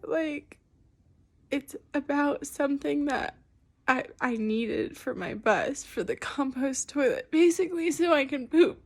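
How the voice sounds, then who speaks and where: A woman's voice: sits high, animated, a little slow. A woman crying and laughing through tears as she vents in a rambling confessional vlog, recorded in her bus. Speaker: vlogger.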